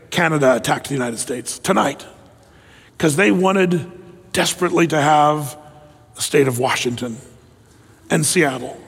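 A man giving a sermon-style Bible teaching, conversational and animated, often acting out quoted voices. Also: sits high, gravelly, slightly rough, long reverb tail.

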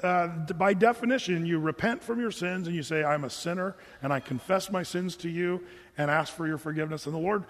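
A man's voice: high-pitched, a little fast, long reverb tail. A man pastor giving a sermon, talking conversationally and animatedly, mimicking what his listeners say. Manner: conversational, animated preaching with mock voices of listeners.

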